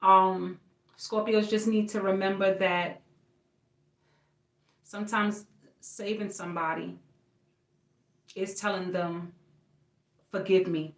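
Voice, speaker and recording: A woman's voice: mid-range voice, flat delivery, slow, long pauses. A woman giving a casual astrology reading, talking to viewers in a loose, slangy, rambling way. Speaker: astrology reader. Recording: roomy echo.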